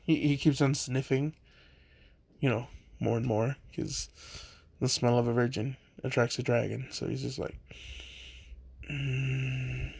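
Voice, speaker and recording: A man's voice: mid-range voice, steady tone, a little slow, gravelly, pauses often, darkish tone, husky, no echo. A young man casually retelling a fan story, rambling with lots of fillers and laughing at himself.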